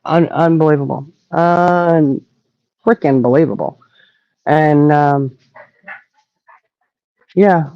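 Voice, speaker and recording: A woman hosting a casual live-stream talk show, indignant and animated, swearing freely. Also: deep voice, slow pace, pauses often, no echo, muffled recording. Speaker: host.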